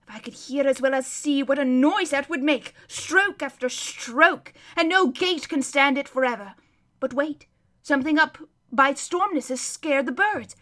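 A woman's voice: high-pitched, a little slow, fairly bright tone. A woman voicing an old male hermit who describes a distant battle as a vivid, emphatic running commentary. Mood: excited.

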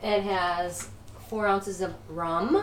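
A woman's voice: on the low side, steady tone, takes it slowly. A woman in casual chat as the guest who mixed the drinks, easygoing and a bit sheepish. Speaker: guest bartender. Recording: roomy echo.

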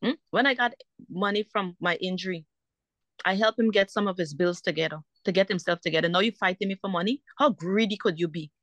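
A woman's voice: fairly low pitch, a little fast, fairly bright tone, no room sound. A woman, a mother caught in a custody dispute, telling her story in a heated, indignant way and repeating herself for emphasis. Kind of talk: emotional personal account.

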